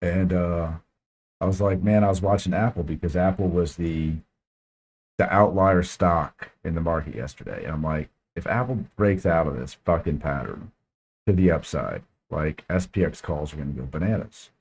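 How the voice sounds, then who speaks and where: A man's voice: sits low, moderate pace, a little mellow, slight background noise. A man hosting a podcast, telling a frustrated, profane story in casual chat. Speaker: podcast host.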